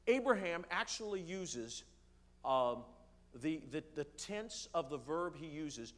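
A pastor preaching in a church, reading scripture aloud and slowing down to stress key words, with the odd filler. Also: male voice, on the high side, lively intonation, fairly bright tone. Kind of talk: sermon reading and explaining scripture. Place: church sanctuary.

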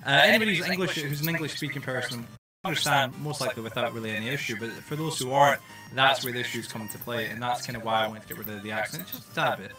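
A young man from Scotland with a softened Scottish accent, chatting casually and rambling with lots of fillers while streaming a game. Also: mid-range voice, racing, faint music behind. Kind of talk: casual livestream chat while playing.

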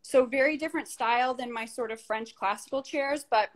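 A woman's voice: on the high side, a little fast, poor audio. A woman chatting casually while showing her apartment and giving practical advice. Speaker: apartment owner giving a home tour. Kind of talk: casual chat.

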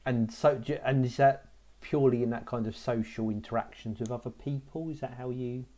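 A man's voice: medium pitch, fairly even intonation, fairly quick, warm tone. A middle-aged man co-hosting a podcast in casual chat, reflective and hesitant, often restarting his sentences. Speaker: podcast co-host.

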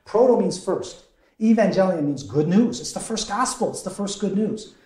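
A deacon with a mellow, fairly high voice runs an animated, conversational Bible study, firing questions at his group and chuckling a lot. He talks at a normal speed, and the sound rings through an echoey parish meeting room.

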